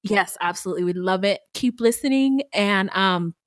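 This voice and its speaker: A woman co-hosting a podcast in casual chat, animated and blunt, swearing freely. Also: mid-range voice, normal speed, no echo, clean studio sound. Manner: animated, swearing, bursting into laughter. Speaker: podcast co-host.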